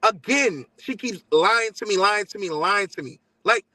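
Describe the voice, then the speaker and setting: A man telling his story as a father, animated, acting out both sides of the conversations he recounts. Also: high-pitched, moderate pace, no room sound, poor audio. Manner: animated, acts out both sides of texts and talks. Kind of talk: casual storytelling.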